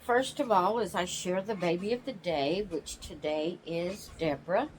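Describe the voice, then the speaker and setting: A woman hosting her own channel, chatting casually from her rocking chair at home in a slow, homey, rambling way and yawning now and then. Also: on the low side, slight background noise, low-quality recording. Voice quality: slow, drawling, yawns often. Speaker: channel host. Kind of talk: casual chat.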